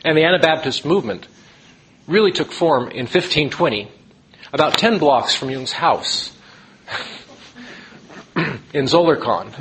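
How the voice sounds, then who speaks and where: A man giving a storytelling lecture, animated, with restarts and asides. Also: on the high side, slight background noise, poor audio.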